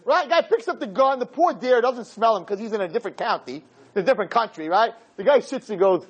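A man, a rabbi, giving an animated, joking talk to teenagers and acting out little scenes as he goes. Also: high-pitched, fast, slightly rough, dull audio. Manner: acts out voices of boys and girls, jokey, punchy.

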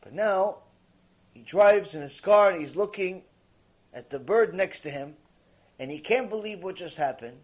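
A man teaching a religious lecture, telling a story in an animated way and repeating phrases for emphasis. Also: sits high, a little slow.

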